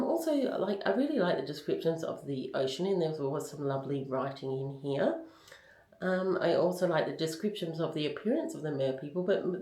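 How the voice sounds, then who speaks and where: A woman with a low voice chats through a casual book review, candid and full of ums and likes. Her voice is recorded in a roomy, echoing space. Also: mellow.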